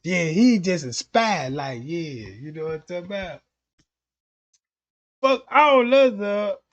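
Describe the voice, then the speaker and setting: A man's voice: high voice, big pitch swings, slow pace. A man on a livestream runs through a comedic rant full of profanity and slang. He rambles from one point to the next and keeps cutting himself off. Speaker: livestream host.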